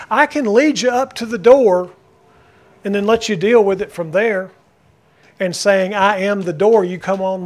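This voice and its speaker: Emphatic high-voiced preacher man. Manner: emphatic, repeating key phrases, asks the congregation questions. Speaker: pastor. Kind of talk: sermon.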